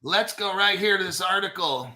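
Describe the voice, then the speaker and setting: Bright-voiced profane crypto host. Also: male voice, high-pitched, expressive, moderate pace, gravelly. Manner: profane, talks back to himself. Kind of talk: casual live commentary.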